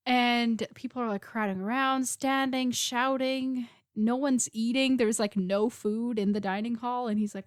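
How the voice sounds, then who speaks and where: A podcast co-host with a higher-pitched, fairly even voice casually recaps a book chapter, acting out quick snippets of dialogue and laughing a little. The sound is clean studio quality with no echo.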